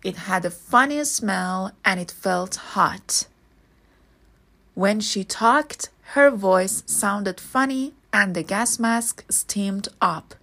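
A woman reading a children's story aloud in a measured storytelling manner. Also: medium pitch, vocal fry, fairly bright tone. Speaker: storybook reader.

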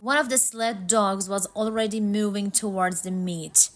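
A woman reads a storybook aloud at a slow, unhurried pace. Her delivery is calm and measured. Her voice sits at an ordinary middle pitch. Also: background noise. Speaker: narrator. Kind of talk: scripted storybook narration.

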